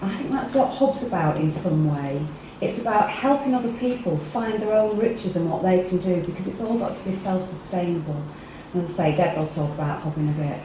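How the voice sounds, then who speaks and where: A woman's voice: lowish voice, a little fast, noisy background. English woman, workshop speaker, asks the room questions, very echoey, distant mic. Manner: chatty, asks the audience questions. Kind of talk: interactive talk to a small group. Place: meeting room with a live audience.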